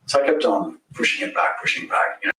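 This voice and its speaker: A man's voice: fast talker, bright, forceful tone. A man recounting events in a police interview, rambling and acting out what others said. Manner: rambling, acts out others' lines. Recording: echoey room, distant mic, faint hiss.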